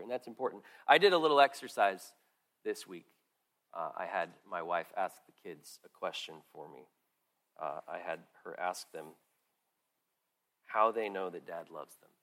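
A middle-aged man preaching a sermon, earnest and conversational, swinging from strong emphasis to quiet asides with frequent restarts. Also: medium pitch, expressive, moderate pace. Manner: earnest, rises and falls in loudness, drops to quiet asides; conversational with restarts and repeated words. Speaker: pastor.

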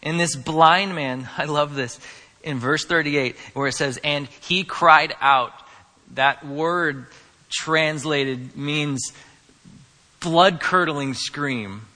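A man preaching a sermon, moving from quiet, conversational asides to loud, emphatic declarations. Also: on the high side, slow. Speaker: pastor. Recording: long hall reverb.

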